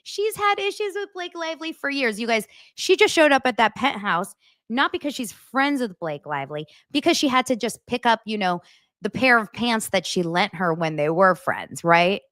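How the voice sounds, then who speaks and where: A woman's voice: medium pitch, animated, moderate pace, fairly bright tone, no room sound, clean studio sound. A woman hosting a casual celebrity gossip show, chatty and sarcastic, often laughing. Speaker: host.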